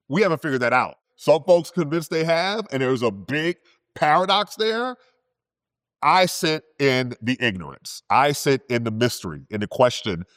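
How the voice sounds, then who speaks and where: A man, a physicist, telling science stories in a relaxed, conversational way, often adding "you know" and "right?". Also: fairly high pitch, no room sound, studio quality. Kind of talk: storytelling science talk.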